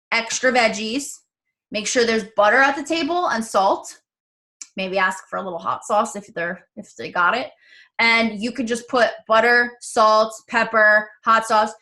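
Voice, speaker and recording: A woman's voice: a little high, measured pace. A woman vlogger chatting casually, telling stories animatedly with lots of "um" and "like". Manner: chatty, animated storytelling with frequent fillers. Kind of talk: casual chat.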